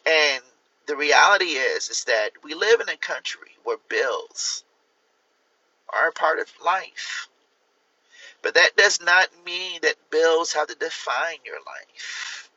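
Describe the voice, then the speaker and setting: A man's voice: fairly high pitch, sing-song, takes it slowly, bright, forceful tone, breathy edge, no echo, highs cut off, heavily acted. A man doing a comic impression of a middle-aged woman politician, delivering an earnest, rambling stump speech. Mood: solemn.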